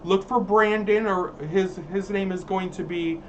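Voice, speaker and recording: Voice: mid-range voice, fairly even intonation, a little slow, lo-fi sound. A host riffs on viewer comments in a sassy, theatrical, campy way. The voice sits in a middle register. It is caught from a little distance, with a faint hum of background noise. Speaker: livestream host reading viewer chat. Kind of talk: casual livestream chat.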